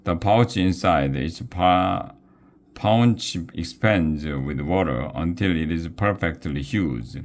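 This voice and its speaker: A man's voice: low voice, expressive, slow pace, full character voice. A man voicing a fussy old professor who sputters as he lectures. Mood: lecturing.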